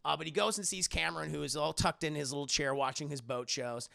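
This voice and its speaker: A man recapping a TV episode on a live stream in a casual, animated, profane way, often addressing his chat. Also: on the high side, fast talker, gravelly, no room sound, studio quality. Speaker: streamer and TV reviewer.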